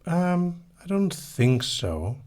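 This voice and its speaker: A man hosting a live hypnosis stream, casually reading viewer questions aloud and answering them in a soft, easygoing way. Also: sits high, very animated, drawn-out words. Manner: soft-spoken, easygoing, reads each question aloud then answers briefly.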